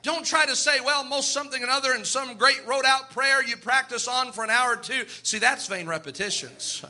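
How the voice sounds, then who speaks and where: High, bright-voiced fervent man preaching. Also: normal speed. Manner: fervent preaching, acts out the people in his stories. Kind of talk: sermon.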